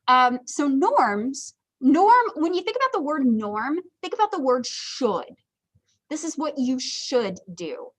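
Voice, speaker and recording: Chatty high-voiced woman lecturing. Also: very animated, slow pace, poor audio. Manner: chatty, joking asides, lots of ums. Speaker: psychology instructor. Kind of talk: casual livestream lecture.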